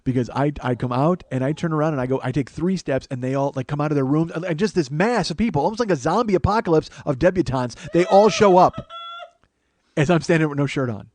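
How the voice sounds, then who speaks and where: A man in his forties hosting his own show, telling a profane, animated story that swings from low mutters to loud mock pride. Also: quick pace, no room sound. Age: 40s. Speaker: comedian podcast host. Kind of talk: storytelling monologue.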